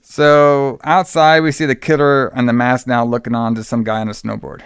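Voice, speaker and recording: A man's voice: medium pitch, flat delivery, moderate pace, smooth, dry recording. Brief: a casual male co-host recapping a film, rambling, in a dry, close sound. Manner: rambling, with many fillers and restarts. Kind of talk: casual movie recap chat.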